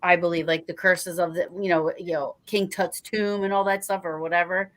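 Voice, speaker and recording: A woman's voice: lowish voice, level tone, brisk, poor audio. Rambling woman telling a story. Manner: rambling, filler-heavy storytelling. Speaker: podcast host. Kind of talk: casual chat.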